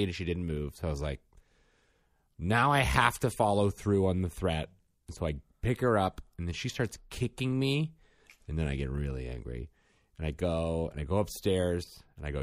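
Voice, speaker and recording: A man with a very low voice tells stories about his young kids in a casual chat, and his pitch swings widely as he acts out the kids' lines. The sound is dry and close, with no room echo. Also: animated, brisk. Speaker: parent of two young children.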